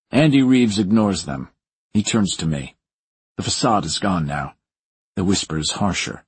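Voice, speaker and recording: A man narrating a first-person thriller audiobook in a dry, wry, deliberate manner. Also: deep voice, big pitch swings, gravelly, husky, dry recording.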